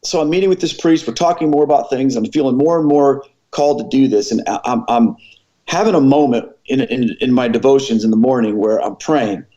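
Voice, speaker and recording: Podcast guest, 40s man, earnest and animated, acts out the dialogue, average pitch, muffled audio. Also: brisk. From American Midwest. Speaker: former pastor, podcast guest. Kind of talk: storytelling in a conversational interview.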